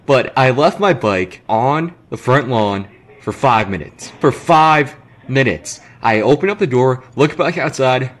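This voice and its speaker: Animated young man telling a story. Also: mid-range voice, measured pace. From Canada. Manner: animated, acts out quotes, swears freely. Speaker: gaming commentator. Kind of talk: casual storytelling commentary.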